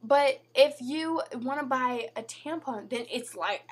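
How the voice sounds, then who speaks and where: A young woman talks casually to her camera, chatty and packed with fillers like "like" and "you know." Her fairly high voice is husky and turning hoarse. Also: unhurried, few pauses. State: voice going hoarse. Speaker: vlogger.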